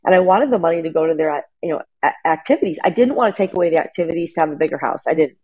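A woman's voice: sits low, expressive, very fast, a little mellow, husky, rough recording. A middle-aged woman chatting casually as a guest, telling a long family story with lots of restarts and fillers. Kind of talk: casual chat.

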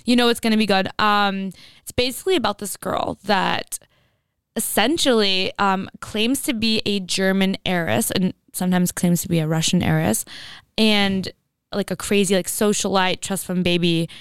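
A young woman co-hosts a podcast in a chatty, casual conversation, leaning heavily on "like." Her voice is medium-pitched with fairly even intonation and a moderate pace. The sound is clear, resonant, and clean, like a studio, with no room sound.

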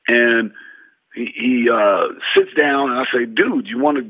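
Man, coach, storytelling interview, husky voice, tinny phone-like sound, dry. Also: mid-range voice, moderate pace, no echo. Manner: animated storyteller, acts out dialogue. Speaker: basketball coach.

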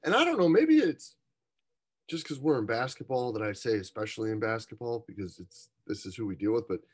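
A man's voice: medium pitch, very animated, a little fast, husky. A man hosting a podcast, talking in an easygoing conversational way. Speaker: podcast host.

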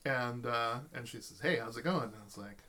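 A man's voice: medium pitch, brisk, a little hiss or hum. A man casually telling a long anecdote in a chat, acting out the people he quotes. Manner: animated storytelling, acts out quoted voices. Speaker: storyteller in a podcast chat.

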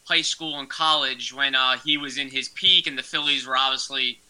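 A man's voice: mid-range voice, steady tone, normal speed, pushed and bright, poor audio. A young man, a podcast guest, answering questions earnestly with hesitant fillers. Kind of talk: interview answers, casual chat.

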